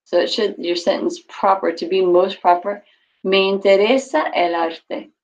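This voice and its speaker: A woman's voice: mid-range voice, steady tone, normal speed. A woman teaching Spanish to a class over a video call, explaining patiently and encouraging students. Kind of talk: online class instruction. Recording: dull lo-fi call audio.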